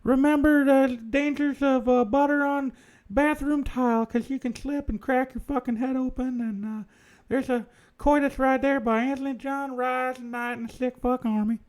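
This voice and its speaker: A man voicing the ghost of an effeminate Southern man with a lisp, talking in a soft drawl during a comic livestream. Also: very high-pitched, steady tone, normal speed, voice pushed up. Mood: chatty.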